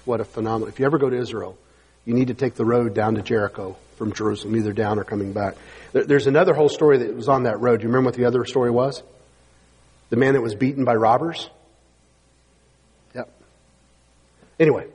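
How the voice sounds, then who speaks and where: A man's voice: mid-range voice, fast talker, a little mellow, breathy edge. A man preaching a sermon emphatically in a church and reading scripture aloud. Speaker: pastor. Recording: long hall reverb.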